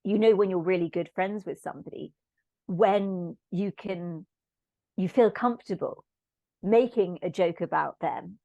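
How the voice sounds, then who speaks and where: A woman talking as a podcast guest, thoughtful and reflective, often pausing to search for words. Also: on the low side, vocal fry, dark tone, dry recording. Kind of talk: thoughtful conversational discussion.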